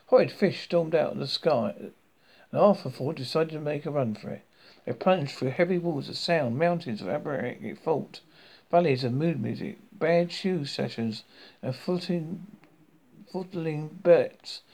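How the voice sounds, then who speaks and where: A man's voice: a little high, unhurried, vocal fry, a little mellow. A man reading a comic story aloud, stumbling and correcting himself as he goes. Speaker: reader.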